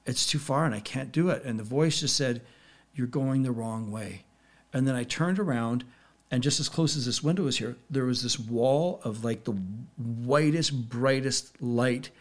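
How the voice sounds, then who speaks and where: Guy on a podcast telling his story, soft and reflective, lots of pauses. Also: medium pitch. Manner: quiet and reflective, with pauses and restarts. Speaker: podcast guest. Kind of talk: personal storytelling in an interview.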